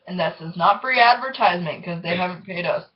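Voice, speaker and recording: A woman's voice: lowish voice, fast, breathy edge, dull audio. Giggly teen girl telling prank stories. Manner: giggly, acts out voices in quoted dialogue. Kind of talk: casual storytelling chat.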